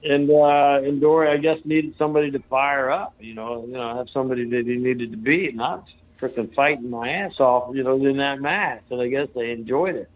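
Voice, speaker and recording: Over phone-like, narrow audio, a brisk-speaking man with a medium pitch shares casual stories as an interview guest. His telling is loose, folksy and rambling, packed with fillers.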